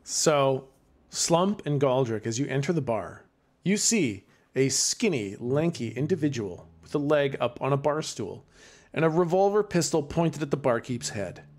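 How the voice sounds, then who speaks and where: Lively, casual man running a tabletop game. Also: medium pitch, measured pace. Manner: casual, laughing, with many fillers and restarts. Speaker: game master.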